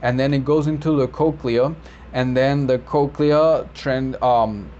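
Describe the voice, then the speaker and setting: A man who works as a medical interpreter, explaining vocabulary in a relaxed, rambling way with many fillers and self-corrections. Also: mid-range voice, unhurried. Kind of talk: casual explainer video. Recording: slightly dull lo-fi audio with faint background noise.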